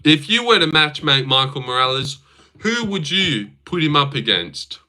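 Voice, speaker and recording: A young man hosts a casual livestream, talking straight to his chat. His voice is bright and forward, and his banter is crude, mocking and full of swearing. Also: a little high, very animated, normal speed. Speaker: livestream host.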